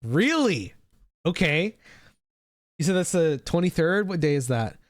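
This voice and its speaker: A male streamer talks off the cuff to his chat, rambling and dropping the odd swear word. His voice sits a little high for a man. The sound is dry and close, with no room in it. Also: moderate pace, no echo. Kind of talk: casual live-stream reaction chat.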